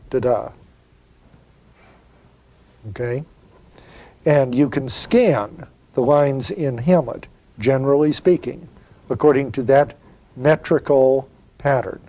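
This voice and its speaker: A man's voice: medium pitch, mellow. A middle-aged man giving a literature lecture, explaining patiently and asking rhetorical questions. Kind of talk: university-style lecture.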